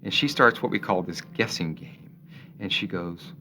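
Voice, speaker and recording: His deep voice has a sharp tone and normal speed, with a little hiss or hum in the recording. In an interview, the one-time police investigator casually walks through the case, imitating what people said and adding small laughs.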